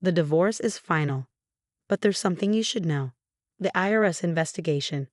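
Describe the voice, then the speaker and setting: A steady, somber man calmly lays out bad news in this audio story, as a woman narrator reads him. The voice sits low and the sound is close and dry. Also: moderate pace, dry recording, lightly acted.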